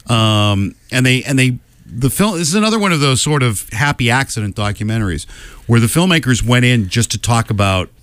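A man hosting a casual podcast about films, thoughtful, often pausing and restarting his sentences. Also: medium pitch, animated, a bit bright, clean tone, no echo. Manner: thoughtful, with many fillers and restarts. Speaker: podcast host. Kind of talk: casual film chat.

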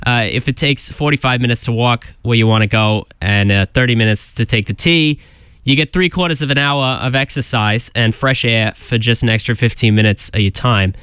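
A man's voice: medium pitch, normal speed, fairly bright tone, clean tone, no room sound, studio quality, lightly acted. A man voicing a hammy Boston local who jokily reads a public service announcement in an exaggerated Boston accent, rambling with fillers and restarts. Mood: goofing. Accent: Boston, put on. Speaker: college radio DJ.

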